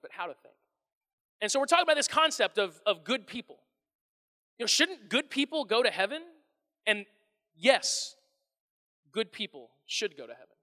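A man preaching a sermon as pastor, animated and conversational, often restarting his phrases. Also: high voice, in a large hall.

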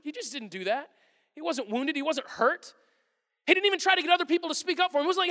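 A man in his thirties preaching a sermon as a pastor, animated and acting out quotes in different voices. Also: very high-pitched, quick pace. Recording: long reverb of a large hall.

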